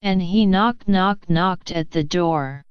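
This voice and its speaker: A woman reads a bedtime fairy tale aloud, gently and expressively. Her voice is very smooth and unhurried, a touch low. The sound is dry and slightly dull. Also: no room sound. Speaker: storyteller. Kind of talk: bedtime story reading.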